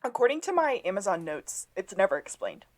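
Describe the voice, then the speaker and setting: A woman's voice: mid-range voice, brisk. A woman co-hosting a casual rewatch podcast, retelling scenes with wry jokes. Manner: lively and wry, drops jokes into the recap. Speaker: podcast co-host.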